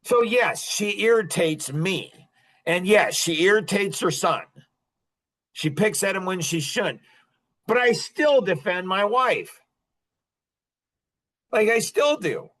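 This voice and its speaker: A man's voice: sits high, animated, takes it slowly, long pauses, fairly bright tone. A middle-aged man hosting a podcast, talking in an impassioned, repetitive monologue and breaking into short laughs. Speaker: podcast host.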